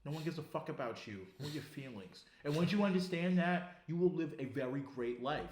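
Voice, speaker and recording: A man's voice: on the high side, a little fast, echoey room, slight background noise. A man co-hosting a podcast, talking about sports in a loose, profane way, full of restarts. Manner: animated, profane, rambling with restarts. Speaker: podcast co-host. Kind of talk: casual sports chat.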